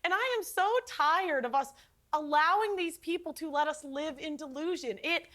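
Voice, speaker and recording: A woman with a high, bright-sounding voice argues in a TV studio debate. She speaks insistently and says the same phrase again and again to keep the floor. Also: moderate pace. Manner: insistent, repeats herself to hold the floor. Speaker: YouTube commentator, debate guest.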